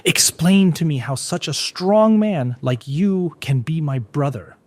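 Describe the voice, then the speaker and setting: A man voicing a fierce, suspicious older sister in a storybook recap, loud and accusing. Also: fairly high pitch, expressive, unhurried, voice pushed up. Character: fierce protective older sister, young woman.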